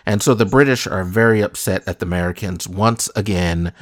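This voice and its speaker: A man's voice: deep voice, a little fast. A man hosting a casual comedic chat, joking in a mock-serious way and quizzing his co-host.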